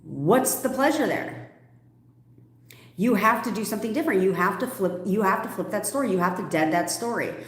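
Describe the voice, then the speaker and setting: A woman coach answering viewer questions on a livestream, blunt and animated, swearing freely and laughing often. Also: mid-range voice, brisk, echoey room. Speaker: manifestation coach.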